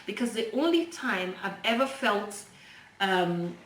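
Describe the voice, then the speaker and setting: A woman's voice: mid-range voice, lively intonation, takes it slowly, a bit bright. Chatty young woman telling her story. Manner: chatty, digressive, many fillers and restarts. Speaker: vlogger. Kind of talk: personal storytelling vlog. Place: indoor room, filmed by a helper. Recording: roomy and distant from the mic, faint background noise.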